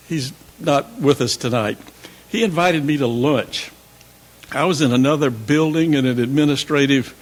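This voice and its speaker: Older man, guest speaker, halting delivery, frequent fillers, folksy asides, medium pitch. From South Carolina. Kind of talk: lecture remarks.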